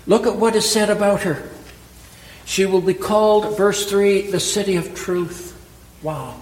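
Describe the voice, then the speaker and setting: Male pastor, fairly high voice, preaching emphatically in a church with long reverb. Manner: emphatic, rhetorical questions, repeats key words. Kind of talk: sermon. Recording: echoey hall with long reverb, faint ambience.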